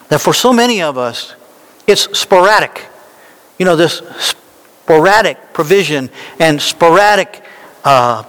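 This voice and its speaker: A man preaching a sermon at a deliberate, unhurried pace, his voice sitting a little high for a man. He leans hard on key words and rises into insistent bursts. The sound carries a long reverb, as in a large hall. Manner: slow, emphatic preaching with rising, animated peaks. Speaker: pastor.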